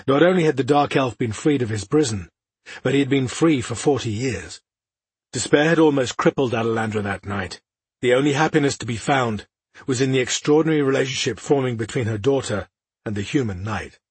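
A man narrating a fantasy audiobook in a steady, measured reading style. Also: medium pitch, slightly rough, no echo.

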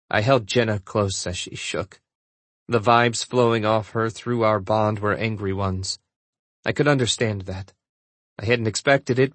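A man narrating a first-person story in a low, measured way, with a husky voice. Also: fairly bright tone, no room sound. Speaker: audiobook narrator.

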